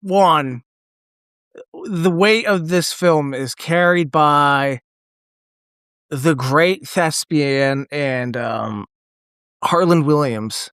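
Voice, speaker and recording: A podcast co-host retelling scenes excitedly, often laughing and swearing. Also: medium pitch, extremely slow, pauses often, clear, resonant tone, no echo, clean studio sound. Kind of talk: casual film discussion.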